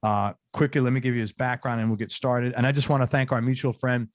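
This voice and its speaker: A man hosting an interview show, chatty and loose, stopping for asides and restarts. His voice sits in a middle pitch. The sound is dry and close, with no room echo. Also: little pitch movement, fast. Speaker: podcast host. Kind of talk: casual interview chat.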